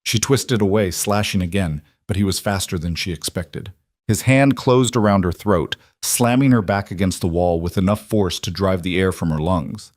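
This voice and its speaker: A man narrates a frontier story in an even, dramatic manner. His voice is fairly low and recorded dry and close. The delivery suits a western audiobook. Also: moderate pace, no room sound.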